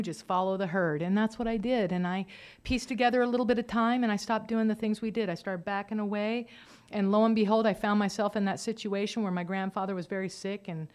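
A woman's voice: mid-range voice, clear, resonant tone. A woman telling her own recovery story to a group, candidly, acting out the voices of the people in it. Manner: candid storytelling, acts out quoted relatives. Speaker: recovery speaker. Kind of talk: personal testimony talk.

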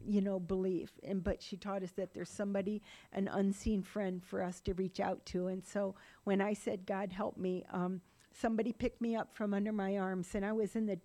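A woman's voice: medium pitch, mellow. A middle-aged woman sharing her personal recovery story in a rambling, run-on way, with laughing asides. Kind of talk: personal testimony talk.

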